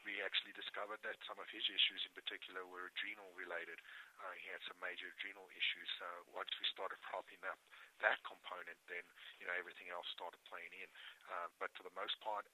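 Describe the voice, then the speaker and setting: A man's voice: sits low, level tone, fast talker, pushed and bright, poor audio. A man talking in a casual podcast chat, enthusiastic and folksy, with an eager, salesy reassurance. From United States. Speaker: health practitioner and product supplier.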